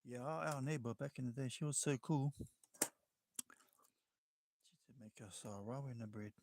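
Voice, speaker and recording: Against a noisy background, a man with a New Zealand accent chats casually while drawing for his livestream. His medium-pitched voice moves at normal speed, and he's relaxed and talkative, calling listeners bro.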